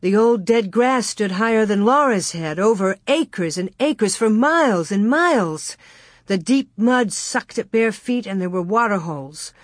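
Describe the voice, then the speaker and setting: This woman narrates a children's novel for an audiobook, reading from a script in a steady, measured storytelling style. Her voice is medium in pitch, and the studio-quality recording carries no room sound.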